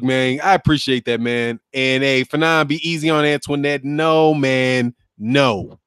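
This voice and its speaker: A man's voice: fairly high pitch, dry recording, studio quality. A man hosting a boxing commentary channel, mocking and sarcastic, laughing often as he reacts.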